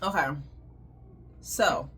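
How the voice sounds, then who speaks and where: A woman's voice: extremely slow, a bit bright, slight background noise. A woman hosting a casual monologue, speaking directly and emphatically, acting out exchanges with clients. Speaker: colon hydrotherapist hosting a talk.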